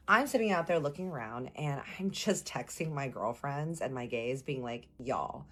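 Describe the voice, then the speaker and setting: Texas girl, low voice, chatty slangy storytime vlog. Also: normal speed. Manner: animated, playful, slangy.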